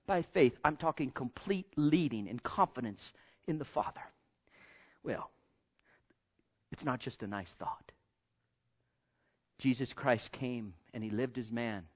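Fervent male preacher, lively pitch. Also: measured pace, dull audio. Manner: fervent, swinging from loud exhortation to hushed near-whispers. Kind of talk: sermon.

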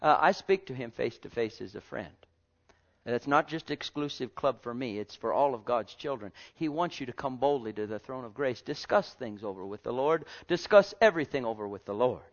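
A man preaching a sermon, his voice soaring high and sinking low with lively pitch. He often addresses the congregation directly. The recording is dull and lo-fi. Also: a little fast. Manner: swings from soft and low to loud, high exclamations; fervent, calls to the congregation.

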